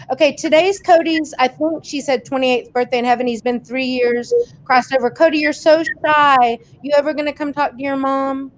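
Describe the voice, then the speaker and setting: A woman's voice: high-pitched, normal speed, a little hiss or hum. A woman hosting a casual livestream, chatting and reading viewer comments aloud, laughing often. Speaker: host reading viewer questions.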